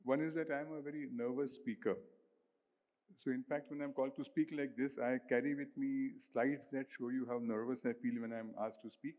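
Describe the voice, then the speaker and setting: An older man with an Indian English accent speaks from a conference stage, spinning self-deprecating stories with dry humor. His voice sits at an ordinary middle pitch. The sound is dull and carries a long reverb from a large hall. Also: fairly even intonation, brisk. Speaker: keynote speaker. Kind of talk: conference keynote talk.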